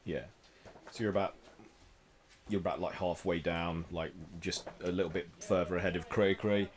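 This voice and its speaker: A man from the United Kingdom narrating as game master, unhurried and full of ums and likes. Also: sits low. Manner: relaxed, hesitant narration with many fillers.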